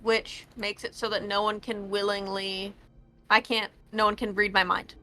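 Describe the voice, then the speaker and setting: Bright-voiced woman playing a tabletop game. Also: mid-range voice, level tone, normal speed, soft background music, rough recording. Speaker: player. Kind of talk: casual tabletop game chat.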